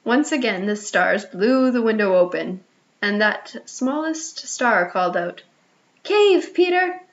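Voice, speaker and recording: A woman's voice: mid-range voice, a little slow. Woman reading a storybook aloud. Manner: expressive reading with small restarts. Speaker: audiobook reader. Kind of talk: storybook narration. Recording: slightly muffled lo-fi audio.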